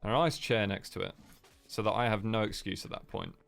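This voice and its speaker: Gravelly, sleepy-voiced young man. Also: fairly low pitch, a little fast, faint music behind. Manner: soft, sleepy-sounding chatter; rambling, lots of fillers. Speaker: streamer. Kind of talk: casual livestream chat.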